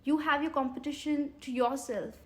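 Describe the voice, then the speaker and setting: A woman's voice: sits high, fairly even intonation. A woman in her thirties with an Indian English accent, coaching English learners on a live stream, coaxing viewers and reading their comments aloud. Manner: earnest, coaxing, repeats questions to viewers; pauses to read and answer viewer comments. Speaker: English teacher.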